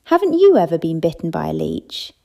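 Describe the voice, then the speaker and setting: A woman's voice: lowish voice, huge pitch swings, a little fast, mellow. A woman voicing a blunt, tough elderly woman raised on a sheep farm, speaking in a brusque, scolding manner in an audiobook. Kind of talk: audiobook character voice.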